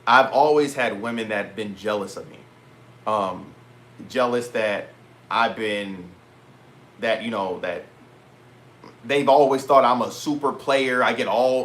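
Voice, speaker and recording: A man's voice: fairly low pitch, slight background noise. A young man telling a story to camera for his vlog in casual slang with swearing, and he acts out both sides of conversations. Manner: animated, slangy, swears, retells dialogue in quoted voices. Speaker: vlogger.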